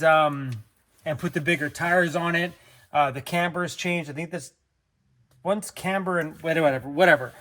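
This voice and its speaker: Chatty upbeat man vlogging, higher voice. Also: fairly bright tone. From Canada. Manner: chatty and upbeat, laughs often. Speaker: van life vlogger. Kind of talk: casual vlog talk to camera.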